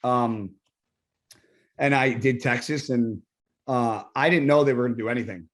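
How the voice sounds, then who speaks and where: A man's voice: medium pitch, normal speed, a bit bright. Blunt, profane man telling a story. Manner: blunt, profane, acts out his own quoted lines. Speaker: podcast guest, retired pro bodybuilder. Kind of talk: casual storytelling interview.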